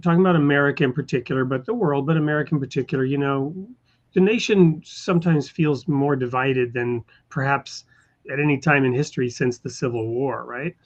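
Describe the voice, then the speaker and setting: A man hosting an interview, speaking thoughtfully and haltingly with fillers. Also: mid-range voice. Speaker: podcast host. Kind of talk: interview conversation. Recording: slightly dull lo-fi sound.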